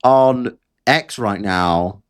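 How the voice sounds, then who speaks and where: A man's voice: lowish voice, drawn-out words, clean tone. A man giving a casual, ranting commentary, sarcastic and mocking, repeating phrases for effect. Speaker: political commentator.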